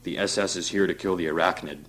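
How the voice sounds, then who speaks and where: A man voicing a sneering, childish male reverend in a low, mock-formal voice, reading a storybook aloud. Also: fairly even intonation, quick pace, fairly bright tone.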